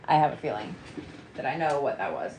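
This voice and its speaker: A woman's voice: a bass voice, very animated, a little fast, noisy background. A woman giving a reiki and wax reading in a casual live chat. She swears freely, laughs often and reassures the listener by calling them sweetie.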